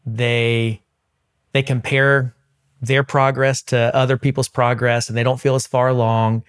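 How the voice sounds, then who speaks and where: A man's voice: medium pitch, flat delivery, unhurried, clear, resonant tone, no room sound. Encouraging male host, dry sound. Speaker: podcast host. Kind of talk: interview conversation.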